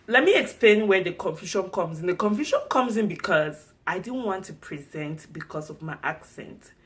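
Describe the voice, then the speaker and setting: A young woman with a Cameroonian accent tells a story to camera with animated expression. Her voice sits on the lower side for a woman. She delivers it as a lively, chatty storytime vlog. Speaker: vlogger.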